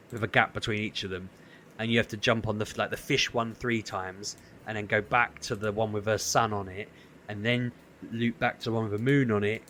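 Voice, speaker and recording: A man's voice: fairly low pitch, slight background noise. A man, co-hosting a podcast, telling a story in casual chat and acting out what people said. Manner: animated storytelling, acts out quotes. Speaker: podcast co-host.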